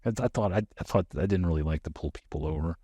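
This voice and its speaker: A middle-aged former soldier from the United States, whose voice sits low and husky, talks fast with no echo. He's an animated storyteller in a laid-back interview, acting out the dialogue as he goes.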